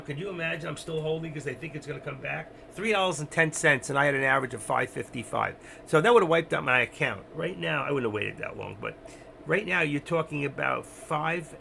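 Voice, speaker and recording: This livestream host talks about options trading with a slightly high, sharp-toned voice, a little fast and edged with vocal fry. His casual talk rambles, mocks himself, and speaks right to the audience, with slight background noise.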